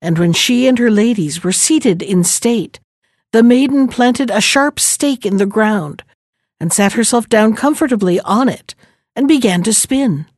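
A woman narrating an old fairy tale and giving each character a different pitch. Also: expressive, unhurried, a little mellow, no room sound, studio quality. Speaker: storyteller.

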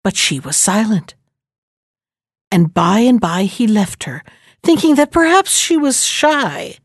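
A woman narrating an old fairy tale and giving each character a different pitch. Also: lively intonation, slow, dry recording, studio quality. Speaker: storyteller.

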